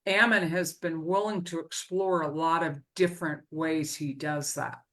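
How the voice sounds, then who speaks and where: A woman's voice: deep voice, a bit bright. A woman hosting a podcast interview, talking bluntly and outspokenly about investing. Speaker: podcast host.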